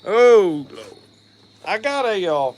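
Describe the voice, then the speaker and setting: Speaking very slowly, this man has a high voice with big pitch swings and a darkish tone, captured in a muffled recording. He hosts a live stream in a Mississippi Southern accent, reading viewer comments with folksy, rambling chatter and ready laughter.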